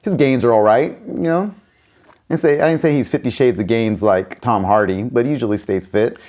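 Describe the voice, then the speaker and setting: A man co-hosting a comedy podcast, chatting casually with dry, deadpan jokes. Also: medium pitch, normal speed. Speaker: podcast co-host.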